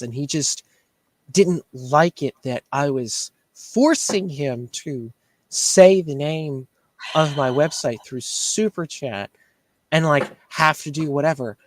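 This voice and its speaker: Animated ranting man, dry close mic. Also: no echo. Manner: ranting, mimics others in a higher voice. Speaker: shirt shop owner. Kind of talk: casual chat.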